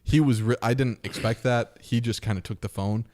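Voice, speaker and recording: A man's voice: medium pitch, steady tone, a little fast, a little mellow. A man in his thirties, a podcast host, telling a story in a casual chat and acting out the voices of people in it.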